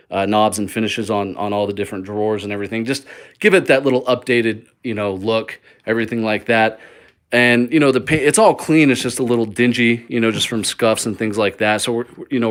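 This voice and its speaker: Upbeat rambling man on a walk-through. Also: fairly low pitch. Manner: upbeat, rambling, many fillers and restarts. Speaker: mobile home flipper hosting a live stream. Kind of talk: live walk-through vlog. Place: indoors in a small mobile home.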